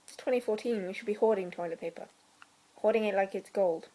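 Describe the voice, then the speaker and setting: A young woman from South Wales with a Welsh accent, chatting casually through a question list with deadpan, dry humour and quiet whispered asides. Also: medium pitch, brisk, a little hiss or hum, low-quality recording. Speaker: vlogger. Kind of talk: casual chat.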